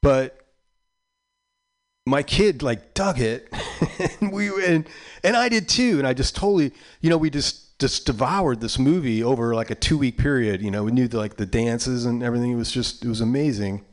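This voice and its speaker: Older male DJ, 60s, rambling on-air chat, halting delivery, ordinary mid-pitch voice. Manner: rambling and halting, drifting between thoughts. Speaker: radio DJ. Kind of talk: casual on-air chat between records. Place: community radio studio.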